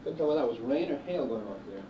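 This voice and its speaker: A man's voice: medium pitch, animated, very fast, muffled recording. A man interviewing, asking short friendly questions in casual chat. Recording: hissy old tape from far off in an echoey room.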